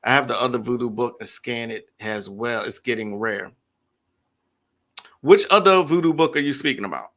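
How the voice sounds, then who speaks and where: Bright-voiced man chatting on a livestream. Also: mid-range voice, normal speed. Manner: chatty, addresses viewers directly. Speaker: livestream host. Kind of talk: casual livestream chat answering viewers.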